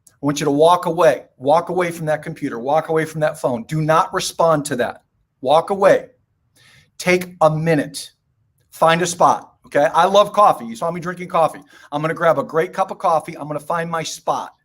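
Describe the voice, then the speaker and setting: An older man with a notably high-pitched voice talks as a podcast guest. He drives his points home in short, emphatic, preachy phrases and often slips into stories. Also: moderate pace, a bit bright. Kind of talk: motivational podcast talk.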